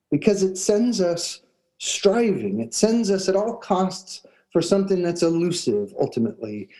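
A man preaching a sermon, telling a personal story in a conversational way, with restarts and pauses. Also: high voice, dark tone, rough recording. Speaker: pastor.

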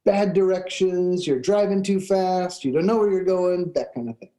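Male pastor, warm mellow tone, relaxed storytelling sermon with easy restarts. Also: sits high, poor audio. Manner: conversational, with restarts and pauses.

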